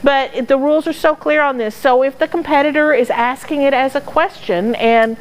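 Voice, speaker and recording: A woman's voice: high voice, fairly even intonation, normal speed, noisy background. Woman explaining rules at an audience Q&A. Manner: earnest, explanatory, laughs at herself. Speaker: speaker answering audience questions. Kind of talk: casual Q&A talk. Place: dog training club hall.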